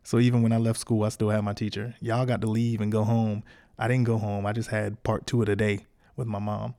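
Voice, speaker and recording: A man speaking with a gravelly, fry-edged voice in a casual solo podcast monologue. His tone is dark and mellow, and he talks frankly, encouraging his listeners in loose everyday slang. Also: lowish voice, flat delivery, a little fast. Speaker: podcast host.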